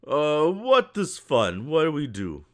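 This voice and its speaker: Man doing a fretful big ogre worker, slightly raised pitch, hesitant. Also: wildly swooping pitch, slow, heavily acted. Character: big, timid, worried male ogre worker.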